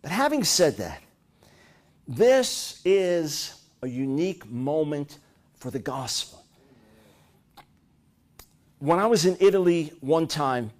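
Middle-aged guy preaching, pretty high voice, animated stories, gets loud acting out quotes. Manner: animated storytelling, rising to loud high-pitched bursts when acting out quotes. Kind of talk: sermon.

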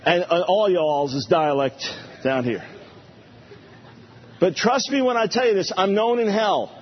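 Male preacher, husky and animated, playful repetition, muffled recording. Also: high-pitched, measured pace, a faint crowd. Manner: animated, playful, repeats phrases for emphasis. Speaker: pastor. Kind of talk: sermon. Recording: dull lo-fi recording.

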